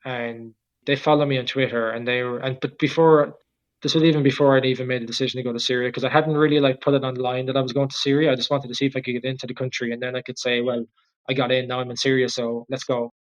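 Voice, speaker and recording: A man in his thirties with an Irish accent, a guest cyclist telling his travel story in a relaxed, rambling way, full of "like" and "just". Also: medium pitch, quick pace, lo-fi sound. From Ireland. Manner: rambling, filler-heavy, with frequent "like" and "just". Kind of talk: casual storytelling interview.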